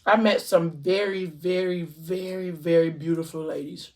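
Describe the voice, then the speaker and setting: A woman's voice: lowish voice, steady tone. Effusive woman vlogger from Ohio. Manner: effusive, warm shout-outs, drawn-out endearments. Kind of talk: casual chat to camera.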